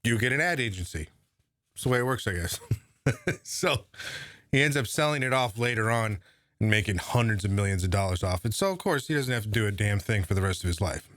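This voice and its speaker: A man's voice: fairly low pitch, expressive, a little fast, a bit bright, no echo, clean studio sound. A man hosting casual political commentary, sarcastic and profane, rambling as he goes. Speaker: host.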